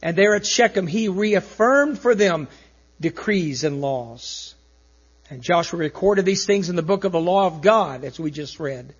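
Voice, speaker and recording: A man preaching with a high, husky voice. He drives his points home loudly, then drops to soft, low asides. The recording is dull and lo-fi, with a mains hum under it. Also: lively intonation, measured pace. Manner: emphatic, swings from loud declarations to quiet asides. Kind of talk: sermon.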